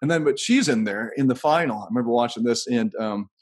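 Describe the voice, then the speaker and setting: Man, husky voice, mid-pitched, rambling podcast host, telling stories as he thinks. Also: expressive, quick pace. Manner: rambling, thinks aloud while telling anecdotes. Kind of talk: casual podcast conversation.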